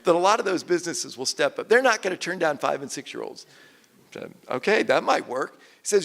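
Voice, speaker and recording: Gravelly older man telling stories in a hall. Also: a little high, brisk. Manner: animated storyteller, quotes people in lively voices. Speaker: author and guest speaker. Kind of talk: conversational stage talk. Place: event hall with audience. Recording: long hall reverb.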